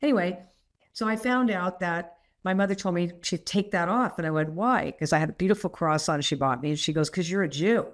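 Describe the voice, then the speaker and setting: A middle-aged woman, a podcast guest, telling personal stories in a rambling, animated way and laughing often. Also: fairly low pitch, brisk. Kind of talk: candid storytelling interview.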